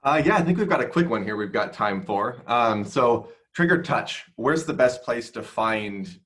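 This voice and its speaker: A man's voice: medium pitch, animated, normal speed, a bit bright. A man moderating a live webinar, reading audience questions in brief, hesitant phrasing.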